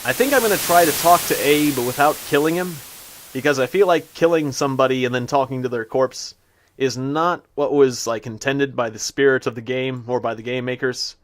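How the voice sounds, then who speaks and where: A man's voice: mid-range voice, normal speed. A man giving casual commentary while he plays a game, chatting to the animals he meets and reading the game's text aloud. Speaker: gameplay commentator. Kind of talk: casual let's-play commentary.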